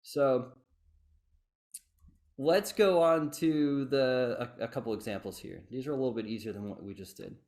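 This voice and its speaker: A man's voice: mid-range voice, normal speed, darkish tone. Man teaching fife rhythms on a call. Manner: chanting rhythm syllables with inflection, self-deprecating asides. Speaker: fife instructor. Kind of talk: online workshop lesson.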